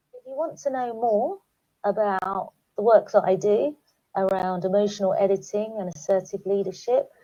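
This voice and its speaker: A woman speaking calmly to teachers, guiding them through reflective questions in a recorded online talk. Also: medium pitch, muffled recording. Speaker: education speaker. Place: home, recorded remotely.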